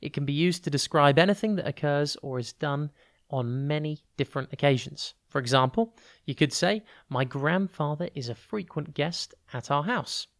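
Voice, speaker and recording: A tutor giving a podcast vocabulary lesson, explaining clearly and deliberately, spelling words out letter by letter and stretching key words to show their stress. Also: medium pitch.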